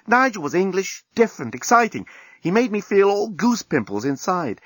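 A man's voice: high-pitched, sing-song, moderate pace, a bit bright, no echo, pitched above the performer's own voice, exaggerated voice. Thoughtful, resolute woman in an audiobook, voiced by a male narrator, dry close sound. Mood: reflective. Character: Lucy, thoughtful American woman, restless.

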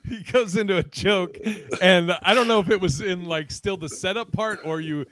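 A man hosting a comedy podcast, telling stories in a profane, animated way and laughing often. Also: high voice, normal speed, a little hiss or hum. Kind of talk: casual chat. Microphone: video call.

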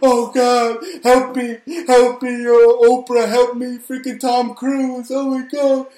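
A man doing a shrill whining crybaby. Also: monotone, slow pace, darkish tone. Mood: shrieking. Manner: whiny, shrieking falsetto mockery. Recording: roomy echo.

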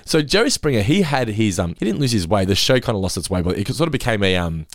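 Animated man rambling on a podcast. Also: fairly low pitch, quick pace, dry recording, studio quality. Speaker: podcast co-host. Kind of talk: casual chat reviewing an episode.

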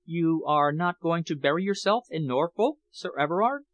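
A man's voice: mid-range voice, wildly swooping pitch, normal speed, a bit bright, no echo, muffled recording. A man reading the part of a polite, insistent society hostess in an audiobook. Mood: gracious.

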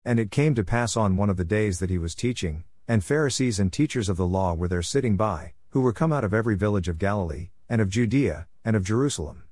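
Low-voiced man reading scripture, dry sound. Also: no room sound. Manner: steady, measured reading in short phrases. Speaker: scripture reader.

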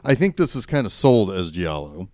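A man's voice: sits low, sing-song, moderate pace, a little mellow, no room sound, clean studio sound. A man co-hosting a casual film podcast. He talks hesitantly, with many fillers and repeated words. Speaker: podcast co-host. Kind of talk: casual horror film discussion.

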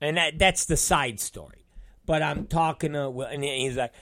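A man's voice: fairly high pitch, moderate pace, creaky, fairly bright tone, no echo, studio quality. A middle-aged man hosting a podcast, telling an exasperated story in a profane, casual rant. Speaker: podcast host and wrestling promoter.

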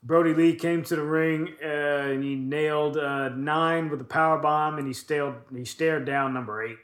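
A man's voice: on the high side, fairly even intonation, moderate pace, a bit bright. Loose, profane man recapping, roomy echo. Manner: loose, profane, rambling recap with many fillers. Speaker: podcast co-host recapping wrestling. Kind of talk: casual chat.

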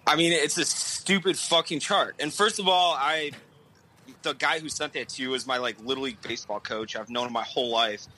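A man's voice: mid-range voice, fairly even intonation, brisk, sharp tone, poor audio. A man co-hosting a casual sports podcast, blunt and opinionated, who swears freely. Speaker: podcast co-host.

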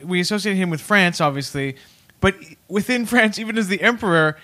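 Casting note: man, high pitch, thoughtful chatter with jokey asides. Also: animated, sharp tone. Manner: chatty, musing, quick quips. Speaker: podcast co-host. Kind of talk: casual comedic podcast chat.

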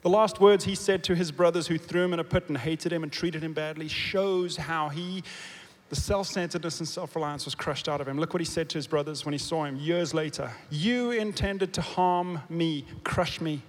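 A man preaching a sermon, swinging from loud emphatic bursts to quiet low asides and asking the congregation questions. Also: steady tone, brisk. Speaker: pastor. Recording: long reverb of a big hall.

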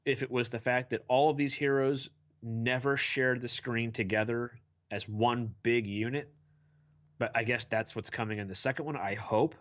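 A man's voice: medium pitch, steady tone, normal speed, fairly bright tone, highs cut off. A man co-hosting a casual podcast, talking bluntly and with exasperation about movies. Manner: blunt, exasperated, swears a lot. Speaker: podcast co-host. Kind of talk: casual movie review chat.

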